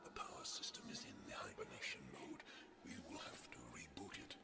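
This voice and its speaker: A performer voicing a creepy game guide character in breathy whispered dialogue. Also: high-pitched, huge pitch swings, a little fast. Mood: eerie. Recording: game audio with loud music.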